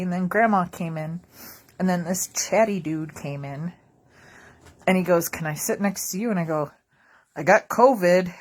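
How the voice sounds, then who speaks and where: A woman with a slightly low voice talks casually to her viewers in a vlog. She tells stories with a wry, joking tone and wanders off into asides. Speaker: vlogger. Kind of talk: casual comedic storytelling.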